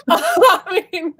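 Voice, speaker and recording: Slow, lively-pitched woman with drawn-out vowels. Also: no room sound. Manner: playful, drawn-out vowels, giggly. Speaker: guest writer. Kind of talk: casual livestream chat.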